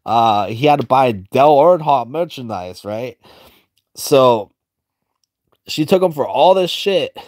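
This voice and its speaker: A man's voice: mid-range voice, expressive, slow pace, pauses often, a little mellow, dry recording, clean studio sound. A man streaming and drawing as he comments in a crude, heavily profane, rambling way. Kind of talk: casual commentary while drawing.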